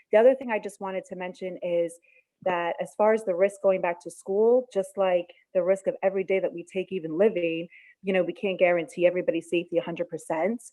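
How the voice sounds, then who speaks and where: Earnest mother, low mellow voice. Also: low-quality recording. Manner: earnest, many fillers and restarts. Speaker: parent speaking at a board meeting. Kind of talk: public comment on a call.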